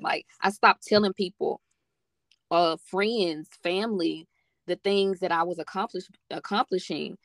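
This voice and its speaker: A woman's voice: on the low side, vocal fry, dry recording. A woman talking as a podcast guest in a casual, heartfelt chat, earnest and encouraging, repeating phrases for emphasis.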